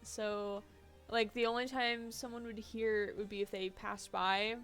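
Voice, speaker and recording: A woman's voice: medium pitch, level tone, a little slow, a bit bright, faint music behind. A young woman streaming a game, chatting casually and laughing often. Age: young adult. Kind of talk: casual let's-play chat.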